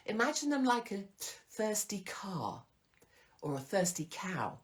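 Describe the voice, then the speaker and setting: A woman in her forties hosts a show and gives advice in a casual monologue. She is frank and chatty and swears freely. She drops into mock voices of other people and settles on a mid-pitched speaking voice. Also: very animated, a little slow. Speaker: host.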